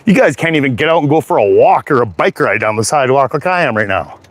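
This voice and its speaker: A man's voice: on the high side, animated, fast, no echo. Furious man ranting outdoors. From Canada. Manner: heated, profane, repetitive swearing. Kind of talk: angry rant to camera. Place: outdoors, walking down a sidewalk.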